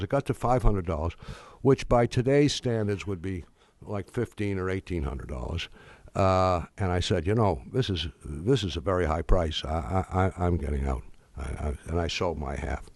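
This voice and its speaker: An older man, a former trading boss, telling a story in a halting way, repeating words and acting out what others said. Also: low voice, darkish tone, no room sound. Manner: halting, repeats words, acts out quoted voices. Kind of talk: casual storytelling.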